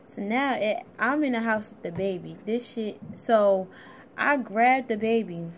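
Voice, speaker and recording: A woman's voice: mid-range voice, measured pace, slight background noise. A young woman, a little out of breath, telling a casual personal story in a blunt, swearing vlog style. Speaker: vlogger.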